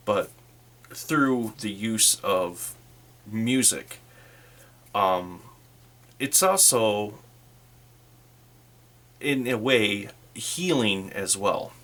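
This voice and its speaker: Slow, low-voiced man narrating a tabletop game. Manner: relaxed, rambling, with fillers. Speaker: game master.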